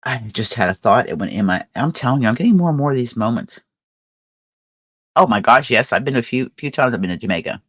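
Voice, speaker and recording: A woman's voice: rumbling low, expressive, quick pace, dry recording. An older woman hosting a crafting livestream, chatting casually and rambling with fillers and laughter. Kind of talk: casual chat.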